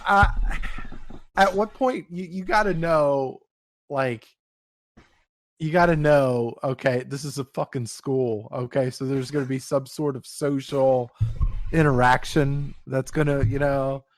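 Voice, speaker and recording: A man's voice: medium pitch, steady tone, a little slow, no echo. A man chatting on a podcast, telling crude stories and jokes. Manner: crude, storytelling. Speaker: podcast co-host. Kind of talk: casual chat. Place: Pennsylvania.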